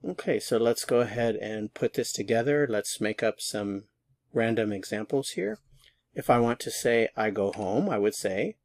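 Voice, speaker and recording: A man walks through a language lesson at a board, patient and clear, saying each form slowly and then repeating it. His voice sits fairly low. The sound is dry, with hardly any room echo. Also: lively intonation, darkish tone. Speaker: Spanish teacher.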